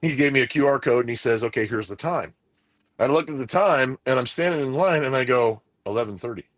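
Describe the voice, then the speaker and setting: A man co-hosting a podcast, telling a rambling, excited story full of quoted back-and-forth. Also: mid-range voice, a little fast, no echo. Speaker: podcast co-host. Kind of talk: casual chat, animated storytelling.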